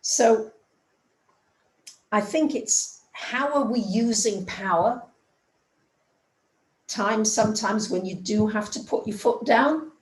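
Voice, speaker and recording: A woman's voice: a little high, slow pace, long pauses. Chatty woman in an echoey room. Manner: chatty storytelling, acts out dialogue. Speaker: astrologer. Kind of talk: casual spoken astrology talk.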